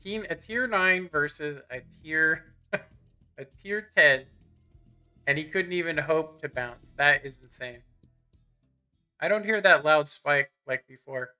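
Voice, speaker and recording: A bright, slightly high-voiced man chats loosely through a live game stream at his home setup. He rambles, clears his throat now and then, and talks straight into a desk microphone. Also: takes it slowly, long pauses, faint music behind. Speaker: gaming streamer. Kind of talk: casual live-stream commentary.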